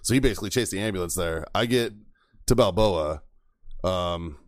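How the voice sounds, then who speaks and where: A man's voice: sits low, moderate pace, no room sound, studio quality. A middle-aged man, a podcast host, telling a story in casual chat with friends, swearing freely and laughing through it. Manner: profane, laughing, animated storyteller.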